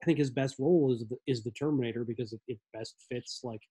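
A man co-hosting a podcast, talking about movies in casual chat with wry, deadpan remarks. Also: mid-range voice, fast talker, breathy edge, low-quality recording. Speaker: podcast co-host.

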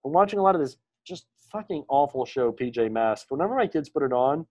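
A man in his thirties co-hosting a podcast in casual chat, animated, swearing a lot and full of fillers. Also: medium pitch, quick pace, lo-fi sound. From Maryland, USA. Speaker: podcast co-host.

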